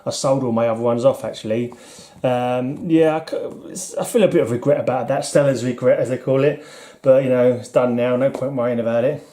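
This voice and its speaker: A man's voice: medium pitch, steady tone, fairly quick, dark tone. A middle-aged man with a British accent chatting casually and rambling while flipping through his comics, often self-deprecating and chuckling. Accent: British English. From United Kingdom. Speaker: comic collector vlogger.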